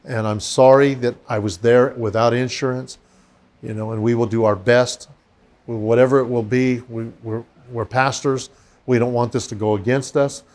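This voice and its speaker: A man's voice: medium pitch, moderate pace. A man who is a pastor, telling a story in casual conversation and acting out the voices of the people in it. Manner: animated, acts out quoted voices.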